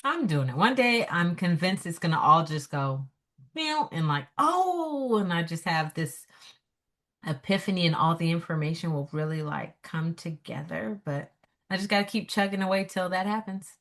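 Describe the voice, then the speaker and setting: Woman co-host, lower voice, animated, playful, casual chat. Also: moderate pace. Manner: animated, playful, slips into mock accents. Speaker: podcast co-host.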